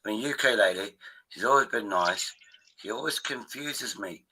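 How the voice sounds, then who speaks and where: A man's voice: lowish voice, normal speed, bright, forceful tone, slightly rough, poor audio. A man hosting a live stream, rambling in a casual, profane way. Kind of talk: casual chat.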